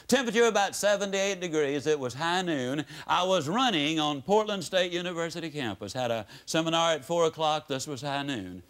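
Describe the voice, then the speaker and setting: An older man gives a motivational seminar talk to a live audience, telling stories with emphatic, drawn-out pauses. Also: on the high side, a bit bright. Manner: folksy, storytelling, emphatic with dramatic pauses. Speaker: motivational speaker.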